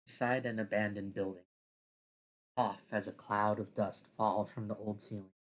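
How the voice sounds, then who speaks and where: A man narrating a second-person audio story in a deliberate way, now and then laughing at his own slips. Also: on the low side, fairly even intonation.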